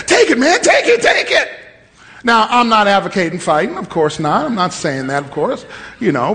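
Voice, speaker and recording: Man preaching, high voice, storytelling, call-and-response, shouts at peaks, long church reverb. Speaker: pastor. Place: church hall with live congregation.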